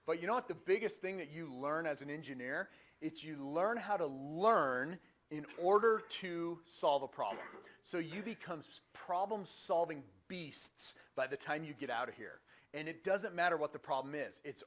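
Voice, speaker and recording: A man lecturing a university engineering class in a lecture hall, talking in a conversational, energetic way and putting questions to the students. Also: on the high side, normal speed.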